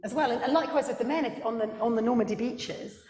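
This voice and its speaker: Animated woman in an echoey hall. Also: fairly high pitch. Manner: animated, quick asides, laughs at her own stories. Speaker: author and historian. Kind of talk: panel discussion at a book festival. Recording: echoey hall with long reverb.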